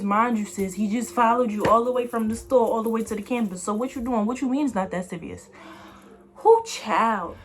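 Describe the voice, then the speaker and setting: Young woman vlogging a storytime, lots of slang, lively and expressive, voice a bit high. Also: fairly quick. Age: young adult. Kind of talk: casual storytime vlog.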